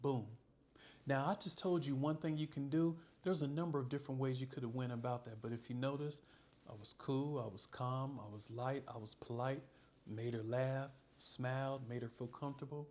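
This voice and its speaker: A man's voice: medium pitch, fairly even intonation, moderate pace, darkish tone. A man giving casual dating advice as a coach, laid-back and calling the listener bro.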